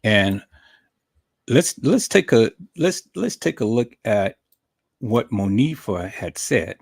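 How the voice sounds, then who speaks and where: A man's voice: fairly low pitch, sing-song, takes it slowly, creaky, husky. A man hosting a commentary live stream, greeting chat viewers by name and often calling his audience "peoples", with many repeated words. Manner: repetitive, addresses viewers as "peoples".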